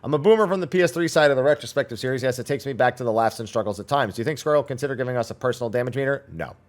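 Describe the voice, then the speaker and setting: A man streaming a casual Q&A, reading viewer questions aloud and answering them bluntly, his voice slightly raspy. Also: mid-range voice, racing. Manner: reads chat questions aloud, then answers bluntly and at length. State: slightly raspy after eating. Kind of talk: casual livestream Q&A.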